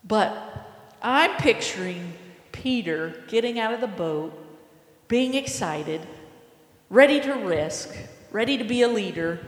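A woman's voice: medium pitch, animated, takes it slowly. A woman preaching a sermon, telling a story with imagination and asking her listeners questions. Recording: echoey hall with long reverb.

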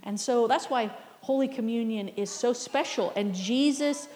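A woman's voice: a little high, normal speed. Reflective woman preaching in a reverberant hall. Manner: conversational, asks the listeners questions; reflective, with soft laughs. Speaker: pastor. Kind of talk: sermon.

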